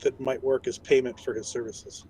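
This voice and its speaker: A man's voice: mid-range voice, little pitch movement, normal speed, warm tone, a little hiss or hum, low-quality recording. A man playing a tabletop role-playing game, speaking in an easygoing, hesitant way with ums and repeated words. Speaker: player. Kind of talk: casual tabletop play.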